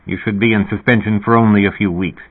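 A man voicing a calm clinical doctor. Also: on the low side, lightly acted. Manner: measured, clinical delivery. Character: calm formal male hospital doctor. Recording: phone-like narrow sound.

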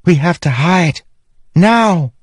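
A man's voice: fairly high pitch, slow, slightly rough, no echo, pitched above the performer's own voice, exaggerated voice. A man voicing a playful, mischievous female spirit in an audiobook reading. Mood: urgent. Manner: teasing, excitable.

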